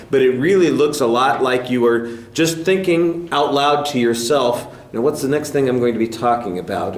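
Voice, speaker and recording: Man giving candid speech feedback. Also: medium pitch. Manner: candid, measured critique. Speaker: speech instructor. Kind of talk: spoken feedback on a student's speech. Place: classroom. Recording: echoey room, faint hum.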